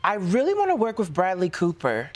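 A woman actor being interviewed as a talk show guest, telling stories in a relaxed, expressive way. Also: on the low side, a little fast. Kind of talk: interview chat.

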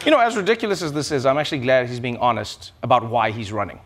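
A man's voice: mid-range voice, fast talker, noisy background. A man delivering a sarcastic comedic monologue as a late-night host, slipping into mocking voices.

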